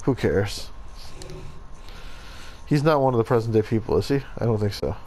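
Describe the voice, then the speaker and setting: A man's voice: lowish voice, expressive, moderate pace, mellow, a little hiss or hum, low-quality recording. A man hosting a let's play, talking in a joking, irreverent way and swearing casually. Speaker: gaming channel host.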